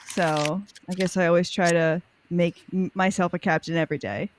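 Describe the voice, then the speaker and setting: A woman's voice: fairly low pitch, steady tone, normal speed. Woman guest on a stream, dry self-mocking jokes, bit of hiss behind. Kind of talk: casual chat on a livestream.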